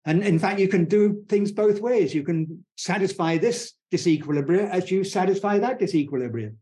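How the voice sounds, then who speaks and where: A man speaking as a guest scientist in an interview, talking fast and enthusiastically, blunt and digressive, with frequent restarts. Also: sits high, mellow. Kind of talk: conversational interview explanation.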